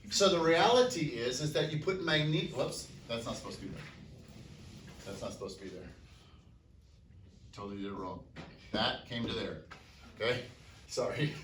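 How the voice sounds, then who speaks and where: A high school chemistry teacher, male and medium-pitched with a slightly bright tone, lectures at a moderate pace and pauses often. He asks the class questions and answers them himself, heard at a distance in an echoey room with a little hiss or hum.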